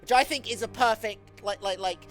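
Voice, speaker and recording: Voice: mid-range voice, moderate pace, fairly bright tone, faint music behind. A streamer chatting casually and jokingly while playing a game. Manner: playful, jokey, laughs a lot. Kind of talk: casual live-stream chat over a game.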